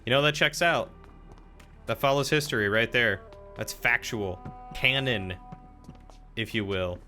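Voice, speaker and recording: Bright-voiced man streaming a game. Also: medium pitch, lively intonation, moderate pace, faint music behind. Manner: playful, reads in-game letters aloud. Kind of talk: live game streaming commentary.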